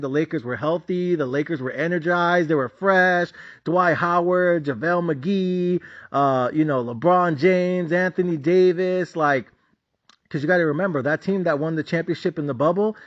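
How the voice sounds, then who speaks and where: Guy ranting about his team, swearing a lot, kinda high voice, muffled lo-fi audio. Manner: blunt, profane, ranting. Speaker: sports betting channel host. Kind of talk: casual ranting commentary. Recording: dull lo-fi sound.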